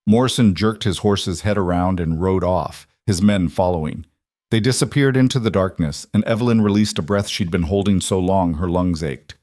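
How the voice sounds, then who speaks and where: A man narrating a western story in a measured, dramatic storytelling manner. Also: low voice, a little mellow, dry recording, studio quality. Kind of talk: scripted audiobook narration.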